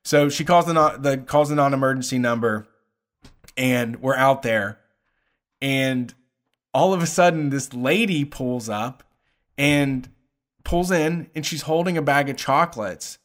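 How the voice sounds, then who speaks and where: A man's voice: mid-range voice, unhurried. A man telling a story in casual conversation, swearing freely and acting out the people he quotes. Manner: animated, profane storytelling with acted-out quotes. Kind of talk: casual chat.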